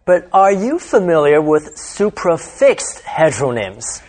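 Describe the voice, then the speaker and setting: A woman co-hosting a language lesson, explaining word stress in a clear, scripted way and slowing down to model the words. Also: low-pitched, sing-song, a little mellow.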